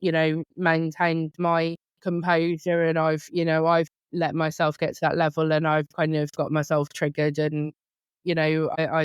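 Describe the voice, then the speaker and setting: A woman's voice: low-pitched, clear, resonant tone, no room sound. Candid woman in her thirties hosting. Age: 30s. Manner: chatty, candid, self-deprecating. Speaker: podcast host. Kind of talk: casual conversational interview.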